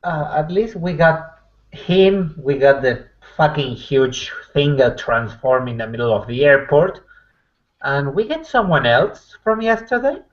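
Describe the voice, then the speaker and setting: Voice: mid-range voice, animated, measured pace, muffled recording. A player in a tabletop role-play game who speaks in character, stammers and makes wry remarks.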